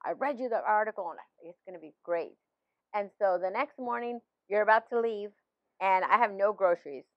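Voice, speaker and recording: A woman's voice: medium pitch, a little fast, no room sound, dull audio. A woman in her fifties, a pastor, sharing a personal faith story in conversation with many restarts and laughs.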